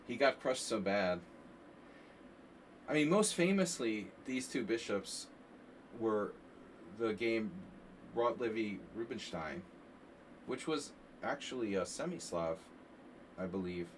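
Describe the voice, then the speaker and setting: A man casually commenting on chess games during a live stream, rambling and animated with lots of filler words. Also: lowish voice, slow pace, pauses often. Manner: rambling and animated, frequent "like" and "you know". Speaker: chess coach streaming a lesson. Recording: distant mic with faint background hiss.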